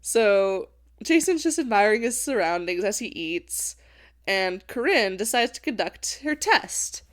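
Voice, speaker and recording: A woman co-hosting a podcast, chatting in an animated way about book chapters and often saying "like". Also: medium pitch, unhurried. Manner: chatty and animated, many fillers like "like". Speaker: podcast co-host. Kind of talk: casual book-review chat.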